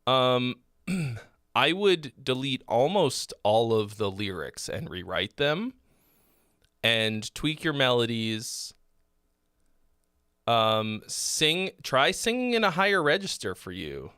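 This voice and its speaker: A man hosting a live song-feedback stream, speaking bluntly with many fillers and frequent throat clearing. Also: mid-range voice, big pitch swings, takes it slowly, bright, forceful tone, no room sound, studio quality. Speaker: host giving song feedback. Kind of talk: casual live critique.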